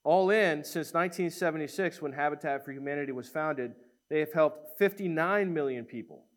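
Man, preacher, lively storytelling sermon, slightly high voice, acts out quoted voices. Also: fairly quick.

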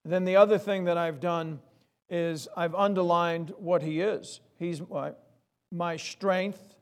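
A middle-aged man from Long Island giving a sermon, reading scripture slowly and emphatically and reflecting in a personal way. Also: high-pitched, fairly even intonation. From Long Island, New York. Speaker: preacher.

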